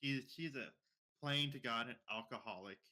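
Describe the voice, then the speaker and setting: Bright-voiced young man telling a story. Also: medium pitch, moderate pace. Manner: rambling, repeats words and restarts, mimics others' speech. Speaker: podcast co-host. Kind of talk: casual storytelling.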